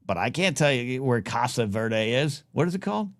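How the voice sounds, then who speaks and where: A man's voice: medium pitch, very animated, moderate pace, dry recording, clean studio sound. An American man hosting a live call-in talk show, rambling and joking with many stammered restarts.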